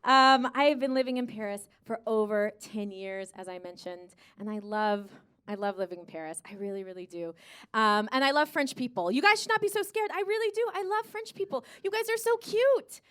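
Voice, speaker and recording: A woman's voice: on the high side, animated, brisk, a bit bright, clear, resonant tone. An American woman doing live stand-up on stage, with a brash, profane, valley-girl delivery into a handheld mic. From United States. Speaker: stand-up comedian. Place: comedy stage before a live audience.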